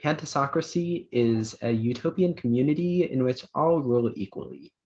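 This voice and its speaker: A man's voice: fairly high pitch, a little mellow. Guy reading spelling bee words over a video call, patient, bit muffled. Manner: measured, patient, with small fillers. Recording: dull lo-fi online audio.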